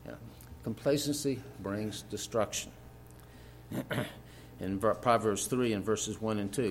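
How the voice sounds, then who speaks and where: A man's voice: on the low side, slow, pauses often, slight background noise. A man preaching a sermon, reading scripture aloud and adding folksy, joking asides with frequent fillers.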